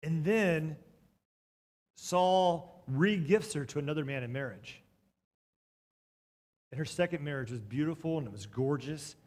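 A man preaching a storytelling sermon, swinging between loud bursts and hushed moments, with joking asides to the congregation. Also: fairly high pitch, unhurried, pauses often.

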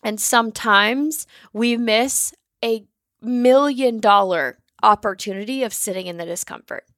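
A woman's voice: fairly high pitch, unhurried, fairly bright tone, no room sound, studio quality. A woman, hosting her own podcast in a bubbly, chatty way, casually swearing and saying "like" often. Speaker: podcast host and business mentor.

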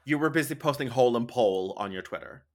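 A young man co-hosting a podcast, trading campy, teasing jabs with his partner. His pitch swings around a lot as he talks, lively and playful. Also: fast talker. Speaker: podcast co-host. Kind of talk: casual banter.

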